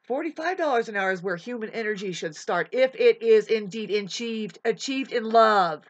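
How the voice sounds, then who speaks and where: A woman's voice: fairly high pitch, animated, moderate pace, muffled recording. A woman delivering a heated, preachy vlog monologue, swearing often as she lectures her listeners. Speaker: vlogger. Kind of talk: profane ranting monologue.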